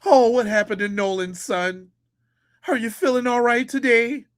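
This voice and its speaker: A man putting on the voice of a gentle, folksy middle-aged stepdad who speaks softly with a mock-tender drawl. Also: extremely high pitch, normal speed, no echo, clean studio sound.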